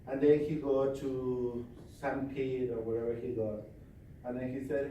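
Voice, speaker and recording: Commanding male seminar trainer, forceful storyteller, distant echoey hall. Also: medium pitch, level tone, unhurried, slight background noise.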